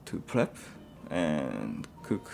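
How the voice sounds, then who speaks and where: A man who is a chef, chatting as a guest in an interview and speaking in halting, simple phrases with many fillers. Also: a bass voice, very animated, gravelly, a little mellow. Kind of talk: casual interview chat.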